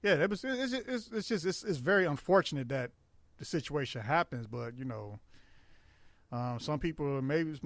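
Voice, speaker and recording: Middle-aged male co-host, slightly high-pitched, crude animated storyteller, dry close sound. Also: normal speed, dry recording. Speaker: podcast co-host. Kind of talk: casual podcast chat.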